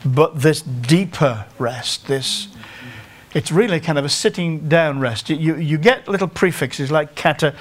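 A middle-aged man with a North Staffordshire accent preaches in an easy, conversational way. He laughs at himself and often breaks off to start a phrase again. His voice sits slightly higher than most men's. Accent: English, North Staffordshire. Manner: conversational, self-deprecating, with halting restarts. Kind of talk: sermon.

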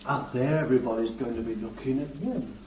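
A man's voice: mid-range voice, fairly quick, background noise. A man preaching a fervent sermon, calling his listeners beloved and breaking in with amen and hallelujah. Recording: dull distant recording in a roomy hall.

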